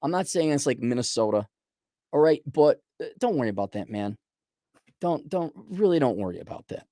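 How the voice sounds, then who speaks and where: A man's voice: mid-range voice, animated, a little fast, mellow, dry recording. Blunt potty-mouthed guy ranting and rambling, dry close sound, mid voice. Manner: blunt, profane, rambling, with many restarts. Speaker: host answering a viewer's letter. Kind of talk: casual ranting commentary.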